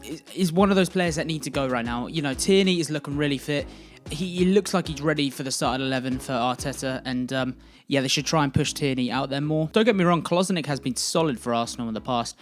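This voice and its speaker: Young guy chatting football opinions over quiet background music, kinda opinionated. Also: fairly high pitch. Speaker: football video host. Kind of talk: casual football opinion commentary.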